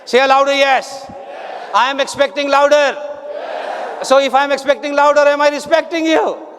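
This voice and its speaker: Man, motivational trainer, very high voice, energetic crowd-rouser, long hall reverb. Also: moderate pace. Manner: energetic, rallies the audience with questions and calls. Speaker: motivational speaker. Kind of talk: live motivational seminar. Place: large seminar hall with a live audience.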